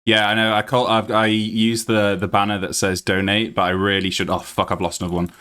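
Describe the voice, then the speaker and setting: Playing a game on a live stream, this British man gets worked up, swears plenty and keeps laughing as he addresses his audience. His voice is fairly low and clean-toned, and he talks a little quickly.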